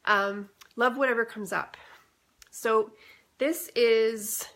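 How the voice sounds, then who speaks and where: A woman's voice: fairly high pitch, fairly even intonation, takes it slowly, a bit bright. A woman talking casually in a live stream as a spiritual coach, reflective and chatty, with many fillers, into a phone or webcam at home.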